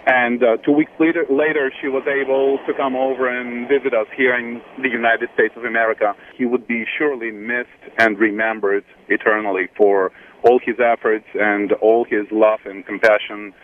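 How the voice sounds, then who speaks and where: A man calling in with an earnest, measured tribute. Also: mid-range voice, little pitch movement. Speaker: caller. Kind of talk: phone-in tribute. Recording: tinny phone line.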